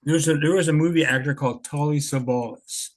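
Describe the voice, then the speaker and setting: A punk musician in his sixties, interviewed here, talks fast in a steady voice on the high side. He tells stories casually, rambling in a laid-back way and swearing often.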